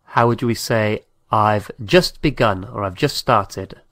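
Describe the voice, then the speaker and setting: Guy with a lowish voice teaching a language lesson, super slow, repeats every phrase, dry close mic. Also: fairly bright tone, no room sound. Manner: spells words letter by letter and repeats each phrase.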